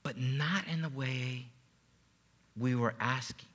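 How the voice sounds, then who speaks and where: A man's voice: mid-range voice, slow pace, fairly bright tone, slightly rough. A man preaching a sermon as pastor, telling a personal testimony with emotion and stumbling repeats. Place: church sanctuary. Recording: long reverb of a church hall.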